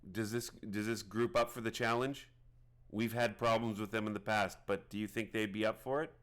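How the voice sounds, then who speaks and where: A man's voice: on the low side, fairly even intonation, normal speed, close to an everyday voice. A man voicing a wizened, scarred old male fish-folk leader who speaks hesitantly and defers to others. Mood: measured.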